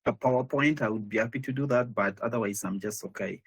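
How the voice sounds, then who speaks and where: A man, a guest speaker, chatting casually before a live online session, talking in a hesitant, halting way with frequent restarts over a video call. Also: medium pitch, slightly rough. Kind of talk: casual pre-show chat.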